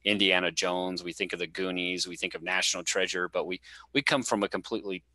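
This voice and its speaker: A man's voice: deep voice, steady tone, quick pace, bright, forceful tone, dry recording, low-quality recording. A man hosting a casual late-night talk show, rambling with many fillers and restarts. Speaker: podcast host.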